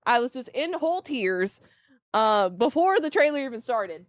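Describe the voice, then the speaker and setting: A young woman streaming live, teary and excitable, rambling and giggling as she reacts. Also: a little high, normal speed, dry recording, studio quality. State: teary from crying.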